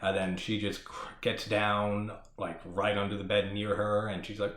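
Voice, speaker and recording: In a reverberant recording, a horror movie podcast host with a fairly low, flat voice talks at normal speed with hardly any pauses and a fairly bright tone. He rambles and swears enthusiastically while going through scenes in a casual discussion.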